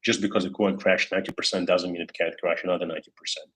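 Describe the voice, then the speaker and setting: Deep, husky man hosting a livestream. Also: flat delivery, very fast, a bit bright, low-quality recording. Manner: rambling, many fillers and restarts, reads chat comments aloud. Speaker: crypto livestream host. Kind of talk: casual livestream talk.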